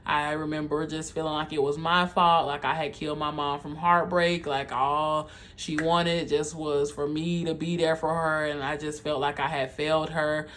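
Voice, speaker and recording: A young adult video creator candidly telling a personal story, heartfelt and halting, speaking straight to viewers as y'all. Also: mid-range voice, flat delivery, a bit bright, a little hiss or hum. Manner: halting, with frequent um and like.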